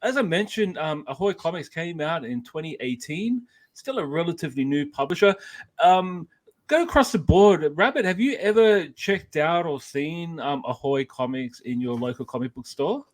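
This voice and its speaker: An upbeat man hosts a casual podcast about comics. His voice sits a little higher than most men's, and he keeps the chat energetic. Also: normal speed. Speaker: podcast host.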